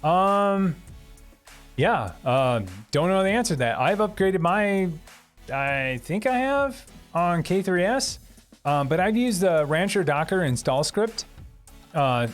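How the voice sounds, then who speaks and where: A man casually answering viewer questions on a livestream, thinking aloud and laughing easily. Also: on the high side. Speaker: streamer answering live chat.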